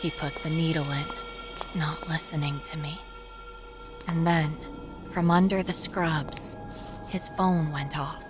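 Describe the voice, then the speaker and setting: A young woman narrating a horror story in first person, often in a hushed, whispery voice. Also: low-pitched, steady tone, slow, long pauses, music in the background. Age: young adult.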